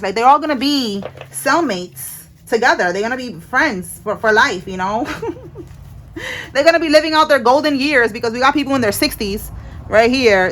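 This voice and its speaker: Blunt, slangy woman reading tarot. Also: on the high side. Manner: blunt, slangy and swearing, with frequent "all right?" check-ins. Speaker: tarot reader.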